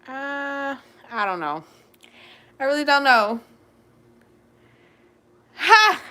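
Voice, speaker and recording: A young woman hosting a vlog, chatting casually and live with her viewers in an expressive, loud, giggly way. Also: high voice, drawn-out words. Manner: giggly, laughs often. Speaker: vlog host.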